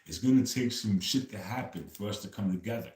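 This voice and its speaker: A man's voice: lowish voice, brisk, darkish tone, roomy sound. A man hosting a casual livestream, telling stories loosely and tagging "bro" onto nearly every phrase. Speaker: livestream host.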